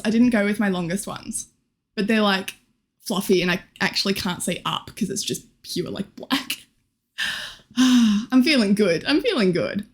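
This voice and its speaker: A young woman streaming live, chatting casually and greeting viewers, giggly and scattered, her voice a little worn. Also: a little high. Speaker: Twitch streamer.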